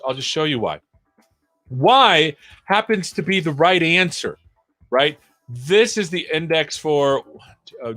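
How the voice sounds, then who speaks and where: A man's voice: fairly high pitch, fairly bright tone, no room sound. Male livestream coding host, rambling think-aloud delivery, dry close mic. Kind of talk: live coding tutorial.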